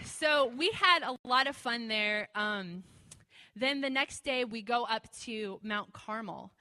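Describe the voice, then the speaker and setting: A woman telling a story to an audience in a chatty, animated way, often laughing and using lots of fillers, recorded in a large hall. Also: a little high, slow, some chatter behind. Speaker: speaker sharing a testimony. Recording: long hall reverb.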